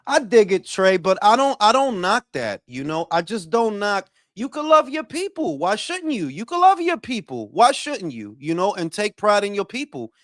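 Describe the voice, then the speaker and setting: Animated, profane male stream host. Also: high voice, moderate pace, hardly any pauses, no room sound, studio quality. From Dominican heritage. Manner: profane, animated, reading chat shout-outs. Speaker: boxing talk show host. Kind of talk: casual livestream talk.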